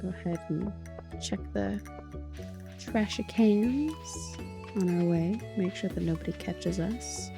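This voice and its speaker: Quiet, playful woman with a gravelly edge. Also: mid-range voice, measured pace. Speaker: gaming channel host. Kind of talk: soft, relaxing gameplay commentary. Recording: game music underneath.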